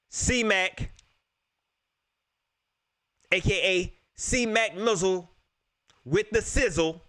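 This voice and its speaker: Animated, bright-voiced sports fan man. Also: fairly high pitch, measured pace, long pauses, no room sound. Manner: animated, repeats himself, laughs often; talks straight to viewers. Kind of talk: excited casual sports preview chat.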